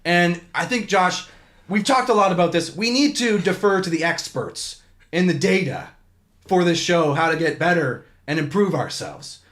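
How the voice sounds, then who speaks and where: A man hosting a casual sports podcast, chatty and playful, often stumbling over his words as he jokes along. His voice sits a little high for a man. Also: expressive, normal speed, fairly bright tone. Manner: rambling, joking, many restarts. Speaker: podcast host. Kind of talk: casual chat.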